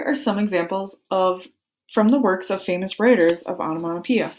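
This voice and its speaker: A woman's voice: medium pitch, moderate pace, a little mellow, a little hiss or hum. A woman reading a children's book aloud, playfully acting out the sound words. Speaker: book reader.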